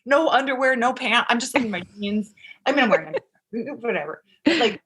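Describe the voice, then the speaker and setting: A woman from Kansas, a guest on a talk show, telling a personal story in a lively, chatty way and acting out what others said. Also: on the high side, moderate pace, slightly rough. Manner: animated, acts out quotes. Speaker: actress guest. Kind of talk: casual storytelling.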